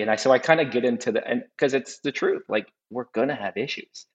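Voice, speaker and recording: A man's voice: medium pitch, a little fast, few pauses. A man, a custom home builder, chatting as a guest in a reflective way and often repeating words while he thinks. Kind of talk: casual conversational chat. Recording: dull sound with long reverb.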